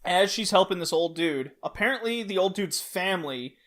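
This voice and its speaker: A man's voice: high voice, lively intonation, normal speed, a bit bright. A man on a podcast, casually recapping an anime plot, laughing often and restarting his sentences. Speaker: podcast host. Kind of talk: casual chat.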